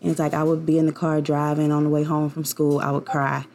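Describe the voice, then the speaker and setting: Low, gravelly-voiced woman podcaster. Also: completely flat delivery, fast talker, mellow. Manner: rambling and heartfelt, many fillers. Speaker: podcast host. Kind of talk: casual personal podcast monologue.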